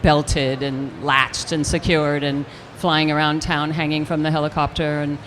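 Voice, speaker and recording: An older actress telling an animated story in a live stage interview, acting out the voices of the people she quotes. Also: low voice, unhurried, a little hiss or hum. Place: convention stage with audience hall ambience.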